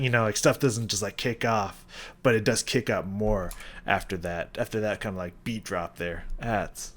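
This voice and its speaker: A man's voice: lowish voice, fairly bright tone. Rambling man scatting beats aloud. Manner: rambling, filler-heavy, scats rhythms aloud. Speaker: music reaction host. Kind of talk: casual music commentary.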